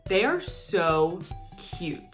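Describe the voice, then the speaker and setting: A woman's voice: fairly low pitch, very animated, drawn-out words, faint music behind. A woman speaking as a panelist in a casual chat, enthusiastic and gushing.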